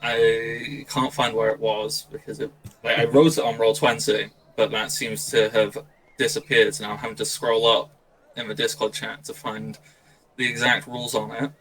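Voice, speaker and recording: A man's voice: mid-range voice, level tone, normal speed, a bit bright, poor audio. Hesitant British male player. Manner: hesitant, thinking aloud, humming filler. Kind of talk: tabletop game chat.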